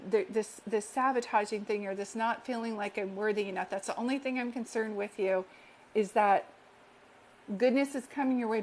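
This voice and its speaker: A woman working as a psychic medium, giving an affectionate, reassuring reading on a live stream and repeating affirmations earnestly. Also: on the high side. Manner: affectionate and reassuring, calls listeners sweetheart.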